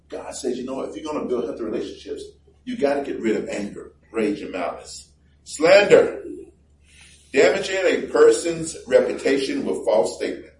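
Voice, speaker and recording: Joking preacher in a roomy hall. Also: male voice, medium pitch, normal speed, darkish tone. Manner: conversational and joking, acts out little voices. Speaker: pastor. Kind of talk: sermon. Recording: roomy, distant mic with faint background noise.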